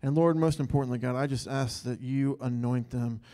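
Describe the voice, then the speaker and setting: A man's voice: medium pitch, normal speed, dark tone. A man leading an earnest spontaneous prayer in church, saying God between phrases, with hesitant ums. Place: church sanctuary.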